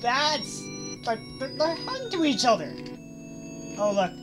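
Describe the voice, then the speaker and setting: A woman's voice: high-pitched, wildly swooping pitch, slow pace. A woman playing a horror video game and commenting on it with sarcastic, joking, mock-cheerful remarks. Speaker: let's play gamer. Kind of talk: gameplay commentary. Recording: game music loud behind voice. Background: game music.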